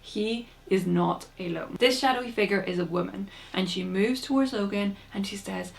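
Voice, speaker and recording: A young woman talking straight to camera in an easygoing, chatty way. Her voice sits at an ordinary middle pitch, and she slips into quick character voices to keep the recap fun. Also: gravelly. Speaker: book vlogger. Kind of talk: casual plot recap.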